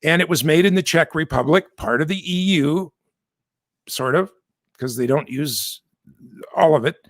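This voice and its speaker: A man's voice: a little high, a little slow, dry recording, clean studio sound. An American man hosting a news commentary show, chatty and digressive, often correcting himself mid-sentence. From United States. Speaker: host.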